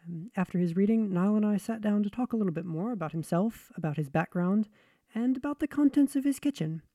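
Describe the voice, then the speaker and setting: A woman's voice: mid-range voice, animated, fairly quick, dark tone, no echo. A woman hosting a story podcast, introducing the episode in a friendly, reassuring way. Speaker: podcast host. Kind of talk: casual show introduction.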